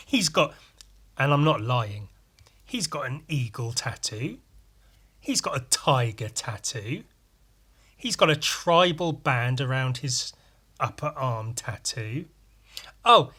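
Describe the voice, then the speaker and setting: A man's voice: mid-range voice, sharp tone, slightly rough. A man with an English accent hosting a podcast, ranting casually with sardonic, sweary, mock-outraged asides. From England. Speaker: podcast host. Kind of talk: casual solo rant.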